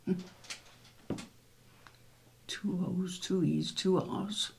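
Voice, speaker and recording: Slow gravelly male quiz host. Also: high voice, fairly even intonation, slight background noise. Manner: muses aloud over word puzzles, spells letters out. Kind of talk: casual live word-game hosting.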